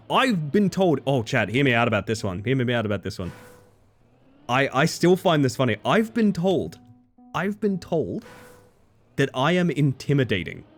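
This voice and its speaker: Streamer, chatty storyteller, animated pitch, rambling, faint music underneath. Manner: chatty, rambling, lots of fillers. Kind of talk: casual live-stream storytelling.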